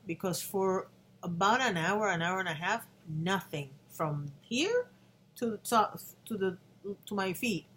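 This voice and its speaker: Talking sincerely to her camera, this woman in her fifties keeps restarting her sentences and grows emotional at times in her personal vlog. She speaks unhurriedly in a medium-pitched, fairly bright voice with lively intonation, and a little background noise can be heard.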